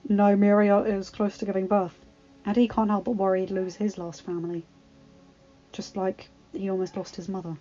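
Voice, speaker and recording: A woman voicing a devoted young husband and emperor, speaking softly and steadily. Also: moderate pace, highs cut off, faint music behind, lightly acted. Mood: gentle. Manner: soft, low-key, steady.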